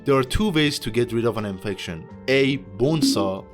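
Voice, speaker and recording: A young man walks through a video game in casual, rambling commentary, his pitch jumping around a lot. He is sardonic and throws in jokey asides, with faint music under him. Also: lively intonation, normal speed.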